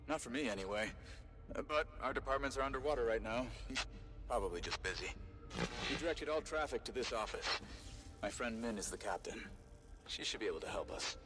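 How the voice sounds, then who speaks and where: A man plays a level-headed city guard officer in a video game, giving plain directions in an even, mid-pitched voice. Loud game music sits right under his lines. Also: brisk, pauses often, lightly acted. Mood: matter-of-fact. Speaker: game character.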